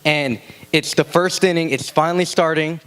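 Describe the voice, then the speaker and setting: A young man preaching a casual youth sermon, telling stories and acting out shouted quotes in a high voice. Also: normal speed, clear, resonant tone. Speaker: youth pastor. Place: church youth room.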